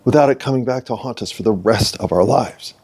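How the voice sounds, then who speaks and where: A man's voice: medium pitch, a little fast, darkish tone, slightly rough. A middle-aged American man hosting his own video series, talking earnestly to the camera with playful asides. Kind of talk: reflective monologue to camera.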